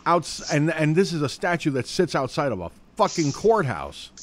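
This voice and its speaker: A man's voice: on the high side, big pitch swings, moderate pace. Male news commentator, reads straight then goes off on angry profane rants.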